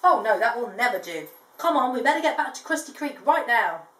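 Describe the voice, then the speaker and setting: A woman's voice: fairly high pitch, sing-song, fairly quick, fairly bright tone. A woman reading aloud voices a stern, bossy mother emu who speaks in a demanding way. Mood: cross. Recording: echoey room, distant mic.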